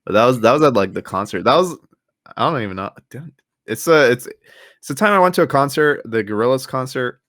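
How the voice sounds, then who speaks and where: Young male podcast co-host, animated pitch, bright voice, dry close mic. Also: a little fast, dry recording. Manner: rambling storyteller, acts out loud quoted shouts. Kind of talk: casual chat.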